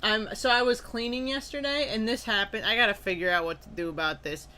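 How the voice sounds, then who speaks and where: A young adult live-stream host chatting casually with viewers, greeting them by name and bursting into loud excitement, a little sneezy from allergies. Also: medium pitch, brisk. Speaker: live-stream host opening trading cards.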